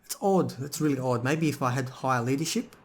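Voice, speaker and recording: A man's voice: mid-range voice, fairly quick. A man casually commentating a computer game and reading its dialogue aloud. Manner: relaxed, rambling, swears casually. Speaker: let's play host.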